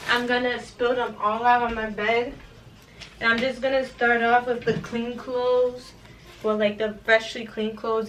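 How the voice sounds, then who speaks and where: A woman's voice: on the high side, little pitch movement, a little slow, a bit bright, a little hiss or hum, rough recording. A young adult woman chatting casually to her viewers in a vlog, rambling and addressing them as y'all, from her bedroom. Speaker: vlogger.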